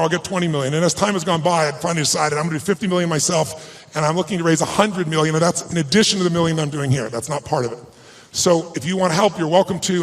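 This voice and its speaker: Guy doing a motivational speech at an event, kinda high voice, emotional storytelling, punchy. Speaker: motivational speaker. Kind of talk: speech to a live audience. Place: event stage.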